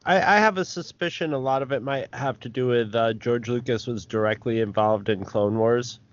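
A man's voice: medium pitch, moderate pace, dry recording, dull audio. A man co-hosting a podcast, rambling in casual chat with many fillers. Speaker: podcast co-host.

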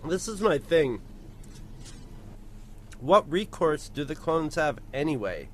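Slow, halting man co-host. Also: a little high, big pitch swings, fairly bright tone, slight background noise. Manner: halting, thoughtful. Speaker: podcast co-host. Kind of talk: casual chat.

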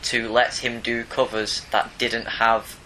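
A man's voice: medium pitch, completely flat delivery, takes it slowly, sharp tone, slight background noise, low-quality recording. A man chatting in a laid-back way as a podcast co-host talking about comics. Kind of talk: casual comics discussion.

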